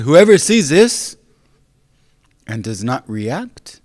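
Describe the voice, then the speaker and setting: A man giving a sermon as a sheikh, explaining patiently and often checking in with "right?". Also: medium pitch. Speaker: sheikh leading a religious gathering. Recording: long hall reverb.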